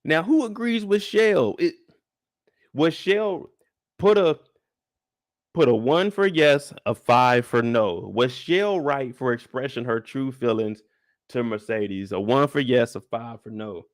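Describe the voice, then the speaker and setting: A man's voice: medium pitch, expressive, slow, no room sound, clean studio sound. A young man hosting a live after-show discussion, telling loose, profane, rambling stories. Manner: loose, profane, storytelling riffs. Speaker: show host.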